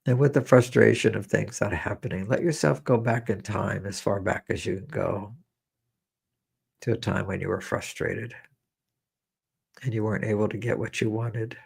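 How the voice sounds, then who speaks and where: Husky, gravelly man guiding a meditation. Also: fairly low pitch. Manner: slow, repetitive, gently coaxing with personal memories. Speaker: meditation teacher. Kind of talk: guided meditation.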